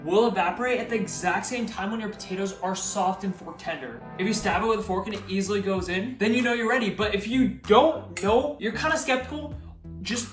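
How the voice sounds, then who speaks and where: A man's voice: high voice, fast, hardly any pauses, a bit bright, echoey room, recorded from a distance, soft background music. A man talking casually and playfully to viewers while cooking in his home kitchen. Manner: chatty, playful, jokey asides to viewers. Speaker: cooking vlogger.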